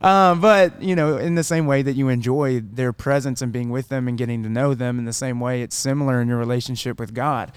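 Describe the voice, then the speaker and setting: A man's voice: mid-range voice, fairly even intonation, a little fast, few pauses, clean tone, no echo. A man talking earnestly about faith in casual podcast chat. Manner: laughing, earnest.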